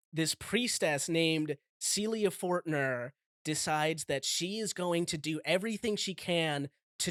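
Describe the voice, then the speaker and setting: A man with a somewhat high voice tells a story in a loose, joking podcast manner. He drops quick character lines into the recap. The sound is dry and close. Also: a bit bright, no room sound. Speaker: podcast host presenting the topic.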